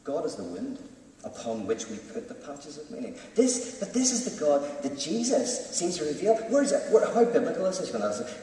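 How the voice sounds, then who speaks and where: Man, lively joking lecturer on theology, bouncy pitch, distant mic in a reverberant hall. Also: fairly quick. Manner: animated, joking, restarts often. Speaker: speaker. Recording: echoey hall from far off.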